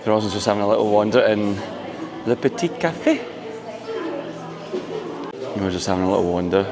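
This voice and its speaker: A man vlogging in a resort, his voice sitting on the low side. He gushes and laughs easily, and music plays clearly behind him. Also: a little fast, long pauses. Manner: excitable, gushing, laughs often. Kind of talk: casual vlog narration. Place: resort, indoors.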